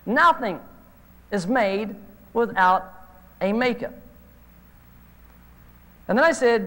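A man preaches with a high, bright voice, retelling phone conversations with lively energy. His talk rings in the long reverb of a hall, as on an old videotape. It is a sermon with anecdotes. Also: normal speed, pauses often. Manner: storytelling, animated retelling of phone calls. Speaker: evangelist preacher.

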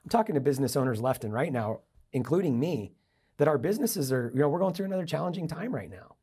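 Middle-aged guy on a podcast, husky dark voice, tells stories and acts out the quotes. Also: fairly high pitch, fast talker. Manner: animated storyteller acting out quoted dialogue. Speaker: guest, entrepreneur and investor. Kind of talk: storytelling in a podcast interview.

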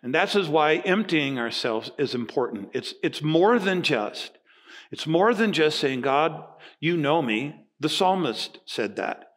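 A man in his sixties preaching a sermon as pastor, telling stories in a lively way and acting out both sides of conversations. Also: on the high side, measured pace. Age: 60s. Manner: animated storytelling, acting out dialogue.

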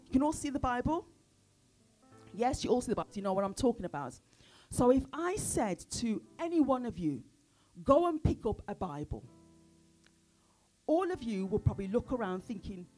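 A woman's voice: a little high, darkish tone. A woman preaching a sermon at a church service, often putting questions to the congregation.

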